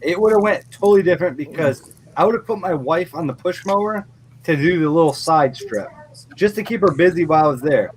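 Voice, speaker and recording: A man's voice: a little high, expressive, a little fast, a little hiss or hum, low-quality recording. A middle-aged man who runs a lawn mowing business, telling a blunt, profane story in a casual podcast chat.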